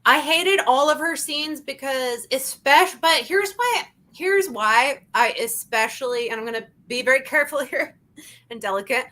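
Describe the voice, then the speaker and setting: A woman with a high, bright voice hosts a casual review chat. She talks in an animated, emphatic rush and hammers her points home by repeating them. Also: moderate pace. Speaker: channel host.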